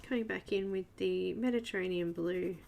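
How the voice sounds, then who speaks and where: Gravelly-voiced Australian woman chatting softly. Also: on the low side, moderate pace, slight background noise. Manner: soft, chatty, reads comments aloud as she works. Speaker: host of a live coloring stream. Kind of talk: casual live-stream chat while coloring.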